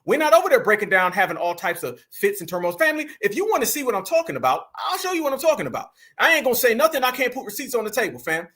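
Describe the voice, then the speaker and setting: A man's voice: very high voice, very animated, racing, hardly any pauses, bright, forceful tone. A man hosting reaction commentary, preachy and mocking, repeating points and firing rhetorical questions. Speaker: commentary host.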